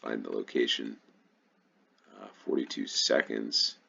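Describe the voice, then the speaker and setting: Deep gravelly new york guy thinking out loud over a geo game, bright edge, kinda muffled mic. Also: steady tone, a little slow. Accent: Western New York. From New York, USA. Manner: musing aloud, hesitant, lots of ums. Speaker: GeoGuessr channel host. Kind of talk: casual gameplay commentary.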